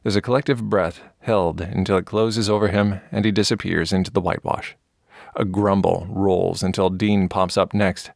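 A man reading an audiobook in an even, measured way, with a gravelly grain to his voice. His tone sits low, and the recording is dry and close with no room around it. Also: no echo. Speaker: narrator. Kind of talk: audiobook narration.

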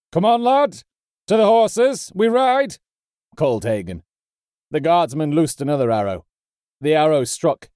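A man reads the narration of an audiobook in a steady, measured way. His voice sits at a middle pitch. The sound is dry and close. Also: dry recording.

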